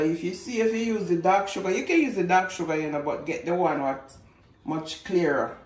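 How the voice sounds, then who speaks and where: A man's voice: on the high side, roomy sound, distant mic, low-quality recording. A man with a Jamaican accent, hosting a casual cooking vlog and chatting to viewers in patois. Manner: chatty, gives shout-outs in patois. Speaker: cooking channel host.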